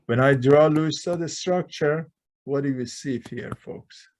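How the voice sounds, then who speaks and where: A man's voice: fairly high pitch, unhurried, darkish tone, a little hiss or hum. Upbeat man lecturing, firing questions at students. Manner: quizzes students with frequent rhetorical questions; non-native grammar, dropped plurals and articles. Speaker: chemistry lecturer. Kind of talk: classroom lecture. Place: lecture hall.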